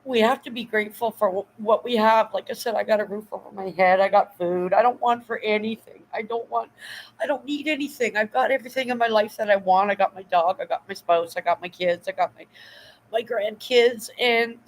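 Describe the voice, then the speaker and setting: A woman's voice: medium pitch, brisk, slight background noise, low-quality recording. A middle-aged woman hosting a casual livestream, emotional and effusive, rambling with fillers and thanking viewers often. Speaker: livestream host.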